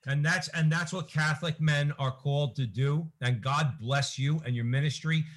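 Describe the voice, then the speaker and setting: Husky-voiced man exhorting earnestly. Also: on the high side, fairly even intonation, normal speed, a bit bright. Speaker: podcast host. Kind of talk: earnest interview talk.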